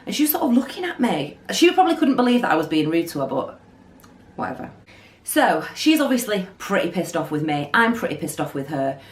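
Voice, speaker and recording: A woman telling an animated storytime vlog. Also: on the low side. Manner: animated storytelling, acting out quotes. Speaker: beauty vlogger. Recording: roomy echo.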